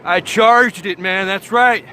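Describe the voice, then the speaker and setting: High, bright-voiced hyped surfer dude. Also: male voice, slow pace, a little hiss or hum, low-quality recording. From Florida. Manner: hyped surfer slang, shouted sound effects. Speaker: comic vlogger. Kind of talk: comic surfer-dude monologue.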